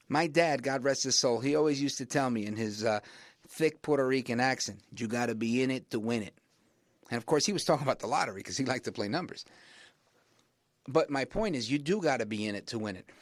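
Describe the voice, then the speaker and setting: A man delivers an emphatic talk radio monologue in a middle-range voice. He keeps rising in pitch to drive his points home. The studio sound is dry and close, with no room around him. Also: no room sound.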